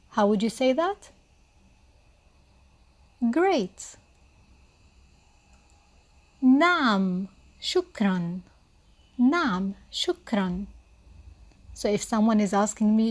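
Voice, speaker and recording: A woman teaching a beginner Arabic lesson, speaking slowly and patiently and repeating each word for the learner to copy. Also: fairly high pitch.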